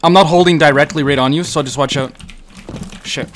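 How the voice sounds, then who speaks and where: A young man streaming a shooter game, calling out enemy positions in casual, quick bursts. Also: a little high, fairly even intonation. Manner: quick tactical callouts, bursts of chanted shouting. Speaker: gamer streamer. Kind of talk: casual gaming callouts. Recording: faint background noise.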